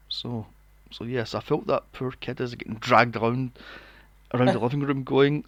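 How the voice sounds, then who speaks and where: A man's voice: medium pitch, expressive, a little fast, no echo. A man in his forties, co-hosting a podcast, ranting sarcastically and swearing while reviewing a movie. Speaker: podcast co-host. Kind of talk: casual movie review chat.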